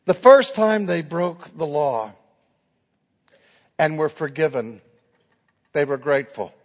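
A man preaching in a large hall, his slow, gravelly voice trailing off into a long reverb. He tells his story with dramatic flair and acts out every exchange. His voice sits a little high for a man. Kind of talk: sermon.

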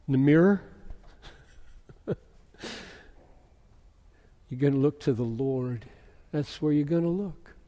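A man preaching slowly and deliberately, his voice sitting a little high for a man. He builds from measured questions to loud, emphatic scripture reading. A long reverb trails after each phrase. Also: lo-fi sound. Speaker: pastor. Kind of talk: sermon.

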